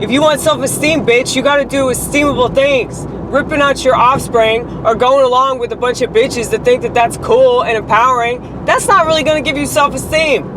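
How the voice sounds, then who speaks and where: A woman's voice: sits high, steady tone, moderate pace, hardly any pauses, noisy background. A woman delivering a heated, profane, rambling monologue rant straight to the camera.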